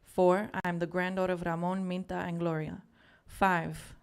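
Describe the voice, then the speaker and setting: A woman from New York City reading her own prose poem at an open mic, in an earnest, measured way with pauses. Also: lowish voice, little pitch movement, creaky, clean tone. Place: live open mic in a community venue.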